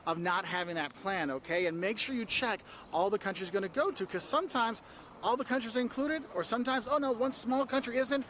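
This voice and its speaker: A man giving advice to tourists in a travel vlog, energetic and emphatic. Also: high-pitched, fast, a little hiss or hum. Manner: energetic, emphatic, acts out tourists in quoted voices. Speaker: travel video host.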